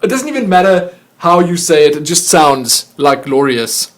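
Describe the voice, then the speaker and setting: A man's voice: fairly high pitch, sing-song, moderate pace. Chatty man hosting a mail show. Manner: chatty, self-mocking, stumbles over foreign words. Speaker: vlog host opening fan mail. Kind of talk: casual chat to camera.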